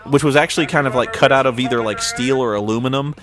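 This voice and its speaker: A man's voice: medium pitch, quick pace. A man giving a casual, rambling film commentary, full of restarts and fillers, often laughing. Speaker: commentary host.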